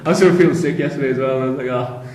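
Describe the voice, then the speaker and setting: A man's voice: medium pitch, racing, darkish tone, echoey room, a little hiss or hum, low-quality recording. A young Irish man co-hosting a podcast, rambling and laughing, swearing often and restarting his sentences. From Ireland. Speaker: podcast co-host. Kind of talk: casual chat.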